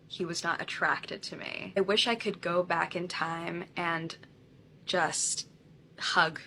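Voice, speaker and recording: A woman's voice: fairly low pitch, fairly even intonation, takes it slowly, creaky, sharp tone, a little hiss or hum. A woman content creator candidly telling a personal story to camera, often laughing as she talks. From India.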